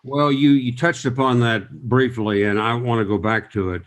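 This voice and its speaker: Man, interview host, friendly, encouraging, conversational, mid pitch. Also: fairly even intonation, normal speed.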